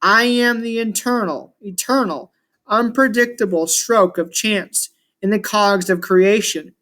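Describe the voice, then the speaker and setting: A man's voice: high voice, measured pace, pushed and bright. A grumbling, contemptuous ancient chaos god trapped in a small shell creature, read out by a man narrating a storybook. He speaks grandly about eternity and sneers at everyone around him. The reading stays plain and close to an everyday voice. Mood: scornful.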